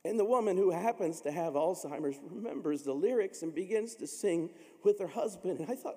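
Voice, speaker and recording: A man's voice: high-pitched, animated, a little fast, hardly any pauses, warm tone. Male pastor, dramatic storyteller, sermon delivery, reverberant space. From Illinois, USA. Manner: dramatic storytelling, acting out voices.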